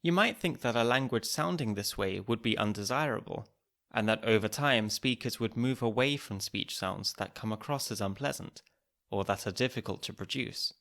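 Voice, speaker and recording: A man hosting a podcast, reading scripted narration in a clear, measured, explanatory way. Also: on the low side, a bit bright. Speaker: podcast host.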